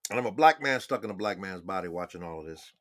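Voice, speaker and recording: A man's voice: deep voice, animated, fast talker, no room sound, clean studio sound. A man in his sixties giving a rambling, profane livestream monologue with laughing asides. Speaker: livestream host. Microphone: phone or webcam on a live stream.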